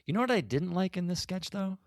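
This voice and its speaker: A man co-hosting a podcast, chatting casually in a joking, animated way. His pitch swings widely as he talks. The sound is close and dry, with no room echo. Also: fast. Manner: joking, animated, reads his own notes aloud. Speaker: podcast co-host. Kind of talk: casual chat reviewing an old comedy episode.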